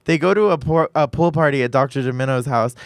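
A man's voice: medium pitch, quick pace, dry recording, studio quality. A young man hosting a podcast, chatting in a campy, gossipy, profane way. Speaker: podcast host. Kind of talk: casual chat.

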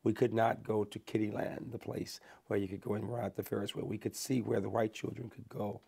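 A man's voice: fairly low pitch, a little fast, vocal fry, slightly rough. Earnest older man with a lilt. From Alabama, USA. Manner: earnest and animated, lifts his voice for emphasis then drops it. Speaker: interviewee. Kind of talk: reflective personal storytelling.

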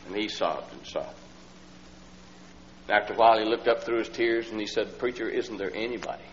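A man's voice: on the low side, a little fast. A man preaching a sermon, telling a story in a folksy way and acting out the voices of the people in it. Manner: folksy storyteller who acts out the people in his story, rising to loud pleading. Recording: old LP sermon with hall reverb, dull lo-fi sound and faint hum.

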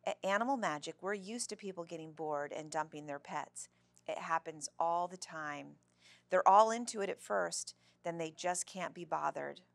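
A woman's voice: lowish voice, moderate pace, gravelly, no echo. A woman voicing a confident, insistent young girl who helps rescue animals.

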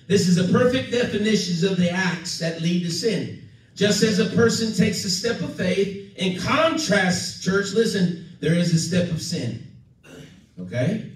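A male pastor preaching an emphatic sermon, calling for amens and acting out quoted voices. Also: high-pitched. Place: church sanctuary. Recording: echoey church from far off.

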